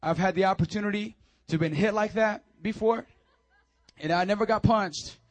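A young man preaches a sermon in a church, his voice sitting high for a man. He surges into loud, urgent appeals, then drops into quiet, confiding asides as he tells his own story. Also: moderate pace, no room sound. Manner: impassioned preaching, swinging between loud urging and low confiding asides. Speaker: pastor. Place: church sanctuary.

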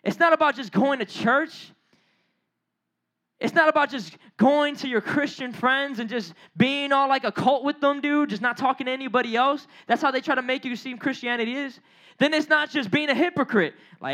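A young man preaching a youth sermon in an animated, casual way, full of slang and sudden outbursts. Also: very high voice, moderate pace. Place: church or youth gathering.

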